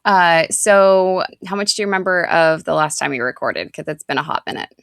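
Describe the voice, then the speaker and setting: A woman in her thirties co-hosts a podcast, rambling casually through the chat with plenty of fillers. Her voice sits fairly low and is smooth and a bit bright, and she talks a little fast. The studio-quality recording has no echo.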